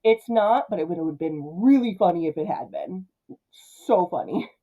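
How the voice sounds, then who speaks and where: A woman's voice: fairly low pitch, lively intonation, narrow, tinny audio. Chatty woman reviewing a cartoon movie. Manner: chatty, jumps into quick character voices. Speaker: film reviewer. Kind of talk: casual commentary.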